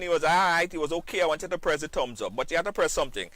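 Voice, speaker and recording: A man hosting a live stream show, lively and repetitive, giving shout-outs to viewers. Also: on the high side, very fast, no room sound, faint music behind. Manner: animated, repeats phrases, bursts into sung shout-outs.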